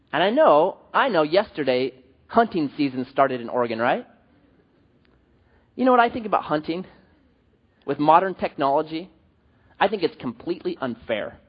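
A man preaching a sermon, an animated, joking storyteller who also reads scripture aloud. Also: high voice, breathy edge. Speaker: pastor. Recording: dull sound, long hall reverb.

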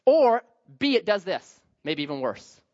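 A man preaching a sermon, swinging between loud emphasis and quiet, low asides. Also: very animated, a little slow, lo-fi sound. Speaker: pastor.

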